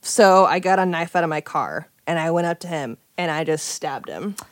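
Animated young woman telling a wild story. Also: low voice, normal speed, no room sound, clean studio sound. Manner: animated, swearing, acts out quotes. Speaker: storyteller guest. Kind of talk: casual chat, telling a story.

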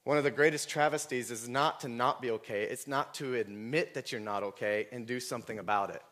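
A man preaching a sermon, earnest and emotional, telling personal stories and at times rising almost to a shout. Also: mid-range voice, brisk. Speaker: pastor.

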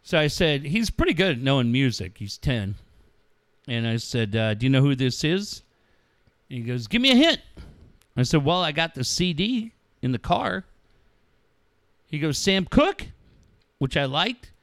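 On a studio-quality recording with no echo, a middle-aged sports radio co-host talks in an unhurried, medium-pitched voice and pauses often. He tells stories with acted-out quotes in casual chat and swears a lot.

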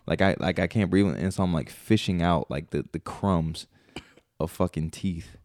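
Male podcast co-host, very low voice, rambling storyteller, dry close sound. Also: normal speed, darkish tone, dry recording. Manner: rambling storyteller, heavy swearing, acts out his own reactions. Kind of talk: casual chat.

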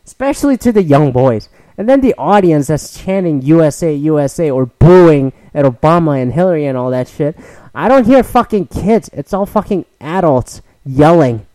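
A man's voice: on the high side, expressive, moderate pace, dark tone, dry recording. A man in his thirties, a podcast host, delivering a rambling, profane, exasperated solo rant.

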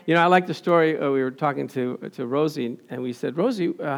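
A man with a high voice preaches a sermon from slides, animated and quick to laugh. He keeps asking his congregation questions and answering them himself. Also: vocal fry. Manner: laughs often. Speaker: pastor.

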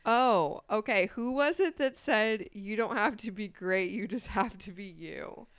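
A woman's voice: medium pitch, a little slow, clear, resonant tone, dry recording. A young woman co-hosting a podcast, chatting casually and jokingly, often giggling and rambling about a dating show. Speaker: podcast co-host.

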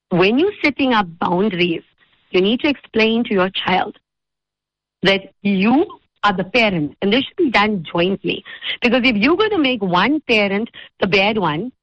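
A woman hosting a radio talk show, telling a story with animated, acted-out quotes. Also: medium pitch, dry recording, highs cut off. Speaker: radio host.

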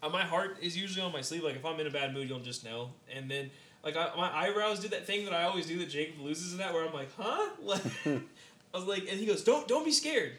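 A man's voice: fairly high pitch, fast talker, a little hiss or hum. A young man telling a rambling story in casual chat and acting out what people said. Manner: rambling, animated, acts out quotes. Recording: echoey room.

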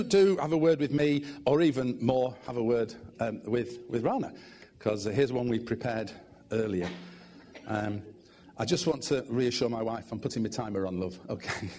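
A middle-aged man, preaching and praying with animated, humorous storytelling in a church. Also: medium pitch, moderate pace. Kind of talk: sermon.

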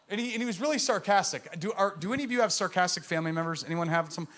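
Passionate male pastor in midlife, slightly high voice, questions the crowd, ranges from booming to hushed. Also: animated, racing. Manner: impassioned, swings from loud proclamation to hushed intensity; engages the congregation with questions. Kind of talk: sermon.

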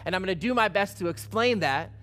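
Male pastor, middle-aged, high voice, lively anecdotal sermon delivery. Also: fast, faint music behind. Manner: animated, acts out quotes with exclamations. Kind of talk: casual storytelling sermon.

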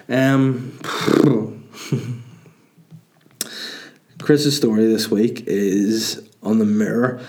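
A man's voice: on the low side, fairly even intonation, drawn-out words, pauses often, darkish tone. A man with a Northern Irish accent hosting a comedy podcast, telling crude, rambling stories full of swearing. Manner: crude, meandering, profane. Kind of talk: rambling comic monologue.

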